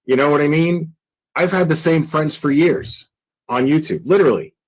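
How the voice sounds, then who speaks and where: A man's voice: a little high, moderate pace, rough recording. A man hosts a casual livestream, rambling through his opinions with plenty of fillers. His talk is blunt and crude, and he often circles back to repeat his point. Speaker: commentary channel host.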